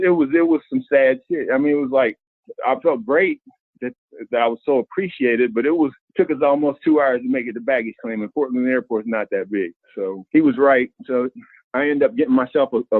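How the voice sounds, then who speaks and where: A middle-aged former basketball player telling stories in an interview, acting out what others said. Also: male voice, mid-range voice, no room sound. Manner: animated storyteller, acts out quoted voices. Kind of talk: candid storytelling interview. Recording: thin phone-like sound, dry.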